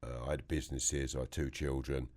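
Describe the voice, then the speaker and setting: Deep-voiced blunt London man. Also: flat delivery, brisk, darkish tone. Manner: blunt storytelling, mimics others. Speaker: podcast guest. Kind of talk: casual chat. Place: podcast studio.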